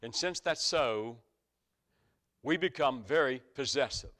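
A man's voice: medium pitch, expressive, unhurried, a bit bright. A middle-aged man, preaching a sermon with folksy stories that climb to emphatic peaks.

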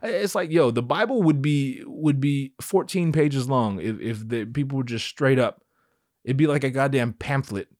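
Man, comedic rant, rambling and profane, slangy, mid pitch, dry close sound. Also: moderate pace, a little mellow, no room sound.

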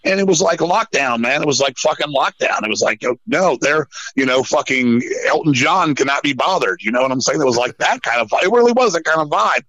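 A man from Virginia who fronts a metal band, telling road stories as a podcast guest in a rambling, profane, animated way. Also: a little high, brisk, hardly any pauses, no echo, poor audio. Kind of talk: casual storytelling chat.

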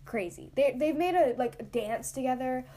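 A woman's voice: high-pitched, lively intonation, normal speed, warm tone. A teenage girl co-hosting a casual podcast, chatty and prone to fits of giggles. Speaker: podcast co-host. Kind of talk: casual chat.

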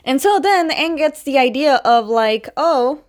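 A woman's voice: high voice, expressive, unhurried. Young woman doing a chatty cartoon recap, lots of "like", plays out the quotes. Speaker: episode recap host. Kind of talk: casual recap narration.

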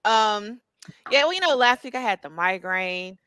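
Lively, profane woman podcast co-host. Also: medium pitch, fairly quick, smooth. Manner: blunt, profane, animated. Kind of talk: casual chat.

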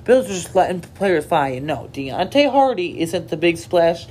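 A man's voice: a little high, sing-song, normal speed, darkish tone, slight background noise. A man giving a casual, opinionated solo recap of sports news, reading posts aloud and reacting with rambling asides. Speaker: sports commentator.

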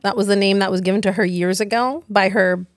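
A woman's voice: mid-range voice, fairly even intonation, fairly quick, no echo, clean studio sound. A woman pastor co-hosting a podcast in casual chat, playful and teasing, laughing often.

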